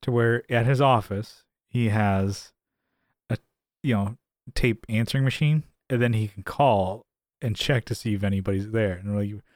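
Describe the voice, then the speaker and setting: A man's voice: normal speed, darkish tone, no room sound, studio quality. A man co-hosting a podcast, chatting casually about a TV episode, laughing and swearing as he goes. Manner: swears and laughs often, jumps into high-pitched voices when quoting. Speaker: podcast co-host. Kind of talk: casual chat recapping a TV episode.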